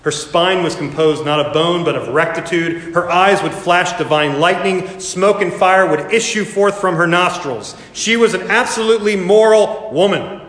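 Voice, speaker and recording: A man's voice: sits high, normal speed. Dramatic preacher man in an echoey hall. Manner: dramatic storytelling, voicing characters with sudden loud rises. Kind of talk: sermon with storytelling. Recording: echoey hall, reverberant room.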